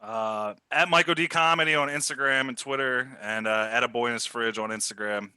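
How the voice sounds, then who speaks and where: A man who is a comedian guest on a podcast, cracking quick jokes. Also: mid-range voice, pushed and bright, clear, resonant tone, dry recording. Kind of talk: casual comedy chat.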